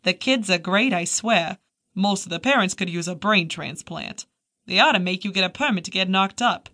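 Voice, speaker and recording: A booming, blunt female shrink with a broad New England accent, as a woman narrator puts her on. She talks loud and crude, cracking jokes in a voice pitched well above the reader's own. It is an audiobook reading. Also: moderate pace. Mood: brash joking. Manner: blunt, bawdy, wisecracking. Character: brash middle-aged female psychiatrist friend.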